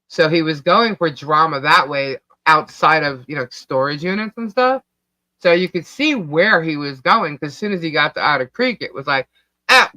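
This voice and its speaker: A man with a New York accent co-hosting a casual livestream, reading chat comments out loud in a scattered, distracted way. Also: fairly high pitch, no echo, muffled recording. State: hiccups. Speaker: livestream co-host. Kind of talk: casual live-stream chat.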